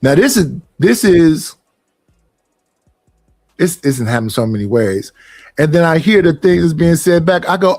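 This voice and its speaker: A man in a casual discussion on a podcast, with a fairly high voice and a blunt, animated way of telling stories. He plays out both sides of a conversation as he talks. The sound is dry, with faint music behind him. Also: normal speed, pauses often, no room sound.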